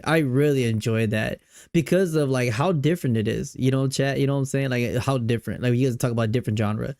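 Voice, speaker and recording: A man's voice: medium pitch, a little mellow, no echo, clean studio sound. Hyped young man chatting with stream chat. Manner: hyped, slangy, repeats himself. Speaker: streamer reacting to game music. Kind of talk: casual reaction stream chat.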